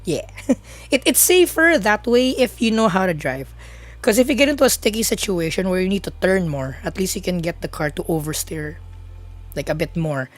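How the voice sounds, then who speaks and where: A woman's voice: fairly low pitch, lively intonation, moderate pace. A woman live-streaming a racing game, chatting casually with viewers in a rambling way, full of fillers and restarts.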